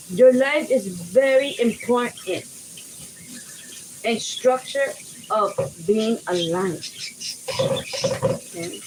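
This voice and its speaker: A woman in an intense, rambling vlog monologue, repeating herself over and over. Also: on the high side. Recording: noisy background with birds.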